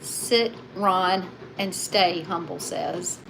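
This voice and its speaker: Slow-talking woman livestreaming. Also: fairly low pitch, fairly even intonation, background noise. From Southern United States. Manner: chatty, reads viewer comments aloud. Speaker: livestream host reading comments. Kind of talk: casual livestream chat.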